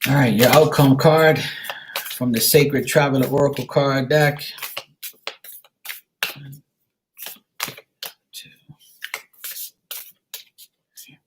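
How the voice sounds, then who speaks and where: A man's voice: medium pitch, steady tone, slow pace, pauses often, slight background noise. A man giving a live-streamed tarot card reading, talking frankly and greeting his viewers by name.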